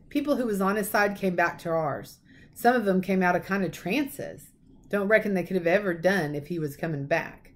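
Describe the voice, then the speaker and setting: A woman voicing a huge, gruff but kindly male half-giant gamekeeper with rough folksy speech, read aloud from a storybook. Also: sits high, lightly acted.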